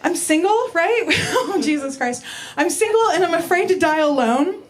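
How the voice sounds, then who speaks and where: A woman's voice: extremely high pitch, lively intonation, moderate pace. A woman in her forties doing a stand-up comedy set, chatty, crude and self-mocking, in front of a live audience. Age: 40s. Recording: live room with crowd noise. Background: audience laughter.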